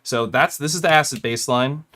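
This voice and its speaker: A man's voice: mid-range voice, normal speed, pushed and bright, slight background noise. A young man casually walking through how he made a track on his hardware, rambling a little and correcting himself with small laughs. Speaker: music producer demonstrating gear. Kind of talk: casual gear tutorial.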